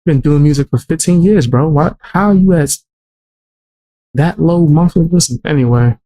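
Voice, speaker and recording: A man with a slightly high, warm voice reacts to music clips on a stream, speaking at a normal speed. His casual commentary is blunt and mocking, and he swears often.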